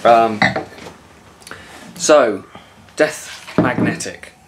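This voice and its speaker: A man's voice: medium pitch, drawn-out words, a little hiss or hum. A man co-hosting a casual chat vlog, talking with frequent fillers and restarts. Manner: hesitant, many fillers and restarts. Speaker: vlog co-host.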